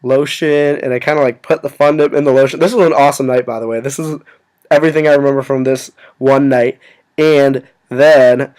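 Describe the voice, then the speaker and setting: A young man casually telling a story to his viewers, rambling and filling every pause with "like". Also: medium pitch, steady tone, darkish tone. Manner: rambling, full of "like" fillers. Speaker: vlogger.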